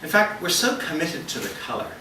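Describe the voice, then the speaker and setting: A man's voice: a little high, big pitch swings, a little fast, heavy reverb, far from the mic, noisy background. A man with an Irish accent performing a self-mocking stand-up comedy set at a live venue. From Ireland. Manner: wry, self-mocking storytelling. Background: audience laughter.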